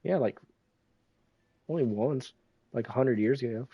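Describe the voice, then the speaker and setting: A man streaming a game, talking casually in a profane, excitable, teasing way, with congested sinuses. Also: medium pitch, measured pace, breathy edge, dry recording, phone-quality sound. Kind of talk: casual gaming livestream commentary.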